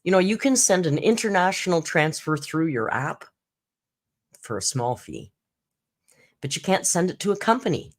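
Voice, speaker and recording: A woman with a lowish voice and lively intonation speaks at a moderate pace, leaving long pauses, as she hosts a casual live-stream chat. This YouTube commentary host tells stories chattily, laughs often, and imitates others' lines.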